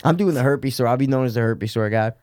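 A man's voice: medium pitch, fast, darkish tone, dry recording, clean studio sound. A brash young man co-hosting a podcast, trading crude, joking banter with a friend. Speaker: podcast co-host.

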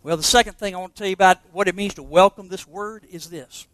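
A pastor preaching a sermon to confirmation students, emphatic and asking rhetorical questions. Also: male voice, high voice, fast talker, fairly bright tone, dry recording.

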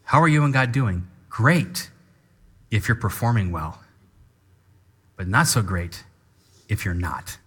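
A male pastor preaching a sermon in a conversational, animated way, acting out what people tell themselves. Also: on the low side, takes it slowly, pauses often, husky.

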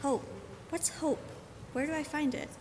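Small boy mole from a picture book, as a woman reads him, childlike, higher voice, faint hum, echoey room. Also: fairly even intonation, a little slow, darkish tone. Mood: sad. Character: sad little boy mole cheering up.

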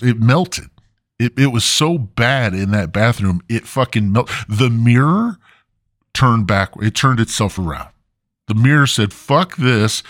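A man with a low voice tells a crude, profane comic story as a podcast host. He rambles and exaggerates as he talks. The recording is dry, with no room sound. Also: no echo.

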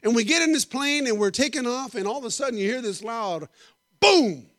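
A middle-aged man preaching a sermon, telling animated stories and joking with the congregation. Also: extremely high pitch, fairly quick, no room sound. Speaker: guest preacher. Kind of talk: storytelling sermon.

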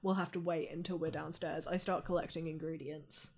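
A woman's voice: low-pitched, fairly even intonation, a little fast, a little mellow. A woman playing a tabletop game, talking in a chatty, rambling way with many "like"s and "um"s. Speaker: player.

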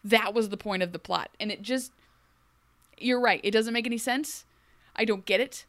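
A young woman co-hosting a podcast, recapping a TV show in casual chat and acting out characters in quick asides. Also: a little high, fairly bright tone, no room sound. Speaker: podcast co-host.

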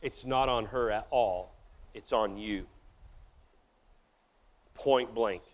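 A middle-aged man preaching a sermon, animated and joking, talking straight to his congregation. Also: fairly low pitch, takes it slowly. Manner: animated, jokey, addresses audience directly. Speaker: pastor.

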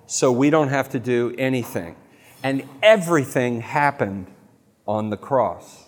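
A man giving a lively, jokey talk to a live audience on faith, full of quick asides. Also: medium pitch. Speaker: Catholic speaker. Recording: long hall reverb.

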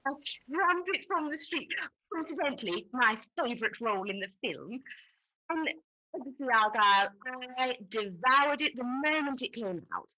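A woman's voice: sits high, animated, normal speed, pushed and bright, lo-fi sound, full character voice. A woman playing a fawning, effusive radio interviewer in a comedy sketch. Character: gushing, flattering female radio interviewer.

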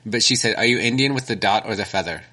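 A man's voice: fairly low pitch, fast talker, bright, forceful tone. A man co-hosting a podcast, chatting casually with dry jokes and frequent laughs. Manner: joking, dry asides, laughs often. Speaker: podcast co-host.

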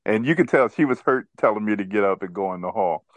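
A man's voice: fairly low pitch, animated, fast talker, no room sound. A man co-hosting a podcast, telling a childhood story in casual chat and laughing as he goes. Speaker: podcast co-host.

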